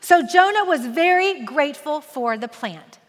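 A woman in her forties preaching a sermon, lively and joking, slowing down to read scripture aloud solemnly. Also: high-pitched, long reverb tail. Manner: animated and humorous, slow solemn scripture reading. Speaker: women's ministry speaker.

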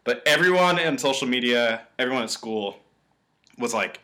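Here a young man co-hosting a podcast talks at normal speed with a medium pitch. It's casual chat, full of animated retelling where he acts out what people said.

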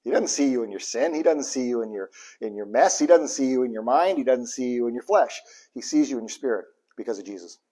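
A pastor preaching a live sermon with passion, dropping to a hush and then bursting out loud, chuckling between points and repeating lines for emphasis. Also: male voice, medium pitch, lively intonation, quick pace. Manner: impassioned preaching, swings from hushed to loud bursts.

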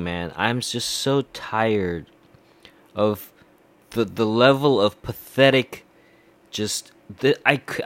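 A man's voice: on the low side, a bit bright, no echo. A man from India giving a heated, profane political rant, swearing often and repeating himself. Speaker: commentator.

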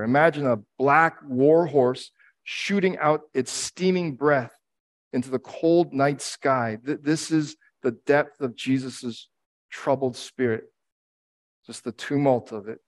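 A man's voice: medium pitch, measured pace. A middle-aged man preaching a sermon in an earnest, reflective way, grieving the recent death of his father and repeating key phrases for emphasis. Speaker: pastor.

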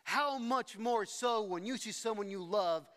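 High-voiced male pastor preaching in a hall. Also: a little slow, a bit bright. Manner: conversational, self-deprecating storytelling with frequent restarts. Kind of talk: sermon.

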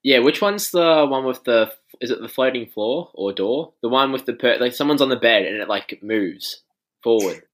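A man's voice: medium pitch, animated, moderate pace, fairly bright tone. A young Australian man in his twenties hosting a podcast in casual chat, loose, laughing and swearing often. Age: 20s. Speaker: podcast host.

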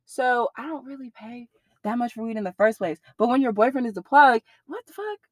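A young woman in an interview, telling a personal story in a blunt, profane, animated way. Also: a little high, brisk, no room sound, clean studio sound.

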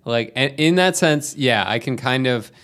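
A man's voice: mid-range voice, expressive, moderate pace, a bit bright. A man talks through a movie on a casual podcast, rambling and hesitant. He circles his points with fillers and restarts. His voice sits in an everyday middle range. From Canada. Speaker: podcast co-host.

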